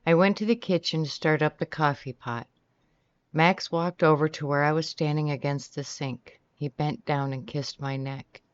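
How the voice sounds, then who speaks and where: Steady first-person audiobook narrator, dry sound. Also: mid-range voice, normal speed, clean tone, dry recording. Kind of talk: first-person novel reading. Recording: dry, slightly muffled sound.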